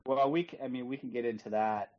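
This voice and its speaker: A man's voice: mid-range voice, fairly even intonation, darkish tone, lo-fi sound. A man chatting as co-host of a movie review podcast, hesitant and restarting his sentences. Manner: slow, hesitant, full of restarts. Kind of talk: casual movie review chat.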